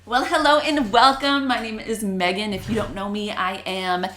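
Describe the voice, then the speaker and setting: A woman's voice: mid-range voice, normal speed, soft background music. A woman in her thirties hosting a show, chatting casually and jokily with parents about reading. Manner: chatty, lively, jokey. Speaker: show host and reading teacher. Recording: echoey room.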